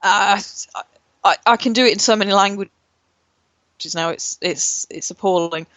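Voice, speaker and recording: A woman's voice: medium pitch, normal speed, a bit bright, dry recording. A woman co-hosting a casual podcast, rambling with lots of fillers and swearing freely. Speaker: podcast co-host. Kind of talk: casual chat.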